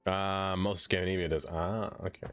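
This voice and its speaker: A man's voice: low voice, level tone, a little fast, a bit bright, smooth. A man streaming a city-building game, chatting casually with viewers, laughing often and talking to himself as he builds. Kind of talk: casual live-stream chat while playing a city builder. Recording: faint music behind.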